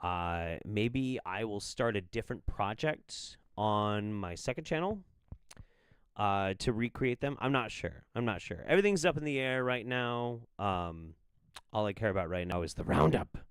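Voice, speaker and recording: A middle-aged man chats casually on his livestream, reading out viewer messages with an irreverent, profane edge and frequent laughter. His voice is clear and smooth, and his pitch moves in a lively, expressive way. The sound is close and dry. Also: a little slow, no room sound. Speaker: livestream host reading superchats.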